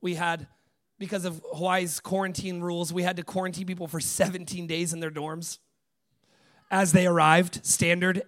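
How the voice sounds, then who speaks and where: High-voiced animated male preacher. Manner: animated storytelling, acts out dialogue, swings from hushed to loud. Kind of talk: sermon.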